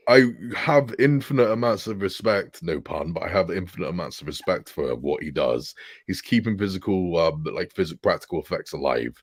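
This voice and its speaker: A man guesting on a casual film chat, rambling and teasing, with quick bursts of talk and frequent laughs. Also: low-pitched, lively intonation, no echo, studio quality. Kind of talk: casual chat about films.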